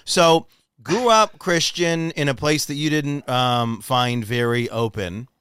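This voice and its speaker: A man hosting a casual chat, playful and quick to laugh. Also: mid-range voice, smooth, no room sound. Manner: animated, playful, laughs often. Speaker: podcast host.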